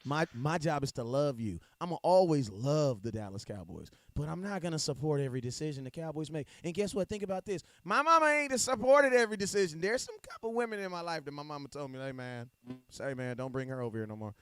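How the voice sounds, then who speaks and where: Animated slangy man in a dry booth. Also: on the high side, fast talker, hardly any pauses, no room sound. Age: adult with a young daughter. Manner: animated, slangy, laughs often. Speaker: podcast co-host. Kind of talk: casual sports chat. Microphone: home mic on a live stream.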